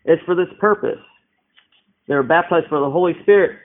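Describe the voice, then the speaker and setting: A man's voice: a little high, brisk. A man preaching a Bible-teaching sermon, explaining verses and asking rhetorical questions. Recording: tinny phone-like sound.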